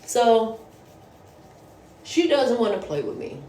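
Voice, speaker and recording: A woman's voice: a little high, sing-song, takes it slowly, dark tone. A woman telling a casual story about her work as a nanny, blunt and profane, sounding exasperated. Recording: roomy echo.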